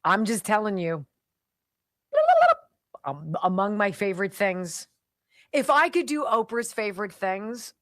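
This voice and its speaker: A woman's voice: mid-range voice, unhurried, long pauses, fairly bright tone, dry recording. Chatty woman radio host, dry studio sound. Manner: chatty, emphatic, jokey and sarcastic. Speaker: radio talk show host. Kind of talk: live radio host reading sponsor ads.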